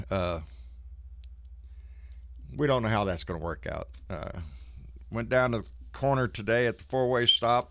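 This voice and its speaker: A man's voice: fairly low pitch, fairly bright tone, clear, resonant tone. A man, out of breath, hosting a casual live stream and greeting viewers in a folksy, swearing way. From Texas.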